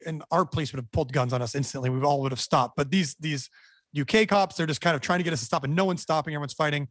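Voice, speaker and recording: A man's voice: fairly high pitch, quick pace, no echo. Male guest, blunt storyteller, dry close sound. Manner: animated, blunt, swears freely. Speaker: band member guest. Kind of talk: storytelling interview.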